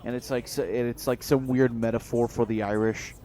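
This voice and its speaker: A man's voice: mid-range voice, flat delivery, warm tone. A man chatting casually on a stream, rambling and swearing with frequent restarts. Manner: rambling, profane, halting restarts.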